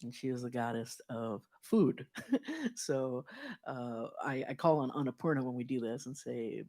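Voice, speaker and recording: A man telling a personal story to a congregation in a casual, animated way, often laughing. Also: mid-range voice, measured pace. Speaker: congregation member sharing a story.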